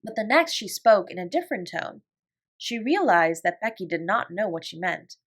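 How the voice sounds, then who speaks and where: A woman narrating a classic children's novel as a bedtime story, in an expressive storytelling voice. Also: medium pitch, normal speed. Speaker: audiobook reader.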